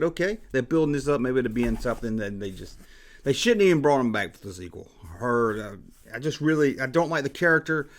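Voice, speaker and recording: A man in his forties with a Southern US drawl, hosting his own channel. He rants bluntly and repeats himself for emphasis, with a casual, exasperated edge. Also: fairly high pitch. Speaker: YouTube host. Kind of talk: casual ranting commentary.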